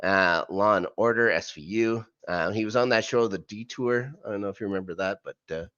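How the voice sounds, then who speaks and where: A man's voice: on the low side, brisk, a bit bright, clean tone, no echo, dull audio. A man co-hosting a podcast, recapping an episode in a casual, rambling way with many fillers and asides. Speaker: podcast co-host. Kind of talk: casual rewatch recap chat.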